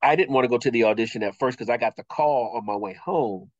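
A man's voice: mid-range voice, quick pace, no echo, highs cut off. A middle-aged man, an actor and interview guest, telling a long story in a casual way, acting out what people said with lots of "I was like.". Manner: animated, acts out quoted dialogue with 'I was like'.

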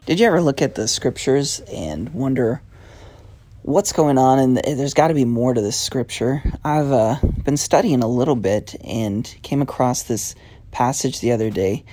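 On his own podcast, a man offers a casual devotional talk, earnest and conversational, sometimes firing off quick runs of questions. His mid-range voice has a warm tone, with faint music playing behind him.

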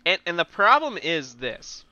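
A man's voice: sits high, big pitch swings, measured pace, sharp tone, no echo, lo-fi sound. A man co-hosting a podcast, chatting casually and jokily while watching wrestling, rambling and laughing often. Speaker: podcast co-host.

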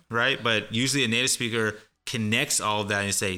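Male guest teacher with a piercing, bright voice, relaxed and conversational, drills phrases by repetition. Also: mid-range voice. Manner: chatty, demonstrates phrases slowly and repeats them. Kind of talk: casual spoken lesson.

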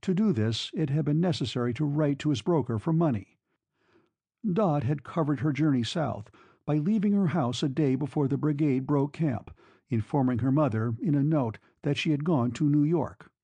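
A man reads a classic novel aloud at a measured pace, shading the characters' lines lightly. His voice is mellow and slightly husky. The recording is dry and close. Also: on the high side, no echo. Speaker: audiobook reader. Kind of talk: scripted narration.

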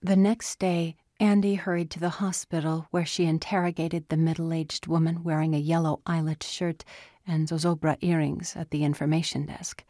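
A woman reading a novel aloud as narrator, slow and measured. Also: low voice, little pitch movement, warm tone, dry recording, clean studio sound. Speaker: audiobook narrator. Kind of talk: scripted narration.

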